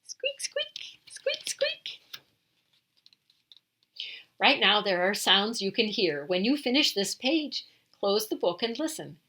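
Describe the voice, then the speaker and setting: A woman's voice: mid-range voice, expressive, moderate pace, pushed and bright. A woman hosting a children's storytime, reading a picture book aloud, imitating animal sounds and asking the little listeners questions. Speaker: storytime host.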